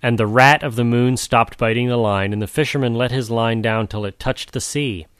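A man reading a storybook aloud in a measured, tender way, speaking directly to the listener. His voice sits at an ordinary middle pitch. The recording is dry and close, with no room sound. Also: steady tone, fairly bright tone, smooth, no room sound. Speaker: narrator.

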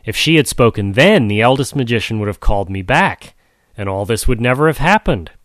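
A proud little crab who bargains hard and insists on having his way, as a man reads him aloud. The storybook voice sits at an ordinary middle pitch. The sound is dry and close. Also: lively intonation, brisk, fairly bright tone, dry recording, natural voice. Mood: bargaining. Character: proud soft-shelled male crab, demanding.

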